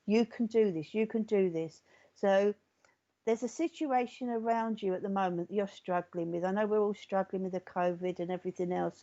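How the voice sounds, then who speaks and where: A woman's voice: medium pitch, dark tone, muffled recording. A woman psychic medium giving a live reading in a reassuring way, often checking in with the listener. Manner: reassuring, often checks in with "okay?" and "all right?".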